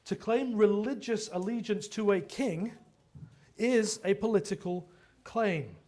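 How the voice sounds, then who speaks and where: A man's voice: high voice, measured pace. A man preaching an earnest expository sermon, stumbling and restarting often and checking in with the listeners. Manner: quotes dialogue in lively voiced asides. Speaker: pastor.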